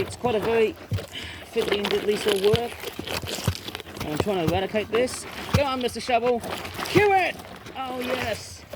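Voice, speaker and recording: Outdoors in his backyard, a man weeds his garden and rambles to his viewers, filming on a tablet. The vlogger's high voice is chatty and exclamatory, with playful wording, over a noisy background.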